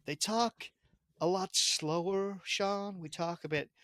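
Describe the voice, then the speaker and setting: A man's voice: high-pitched, slow, a bit bright, no room sound, clean studio sound. A man with a strong British accent, chatting playfully as a podcast guest over a video call. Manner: teasing, chatty, with stumbling restarts. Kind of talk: casual chat.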